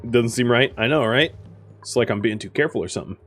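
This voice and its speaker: Soft music plays as a young man with a medium-pitched, fairly bright voice talks at a quick pace. He's a gaming streamer giving relaxed commentary on the colony game he's playing, wandering off track, correcting himself and leaning on fillers.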